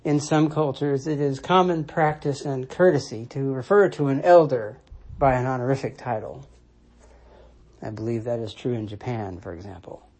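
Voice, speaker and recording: A commentator talks alone in a slow, deliberate way, repeating key points for weight. The voice is warm and relaxed, with a breathy, slightly husky edge. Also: medium pitch. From United States. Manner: measured and deliberate, restating points for emphasis. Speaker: Christian commentator. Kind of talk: reflective solo monologue.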